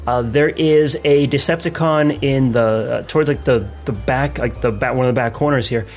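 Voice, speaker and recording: A man runs a tabletop game as game master, describing the scene in a middle-pitched voice. He wanders through his sentences with lots of fillers. Faint music plays behind him. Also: moderate pace. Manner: loose, hesitant, lots of fillers.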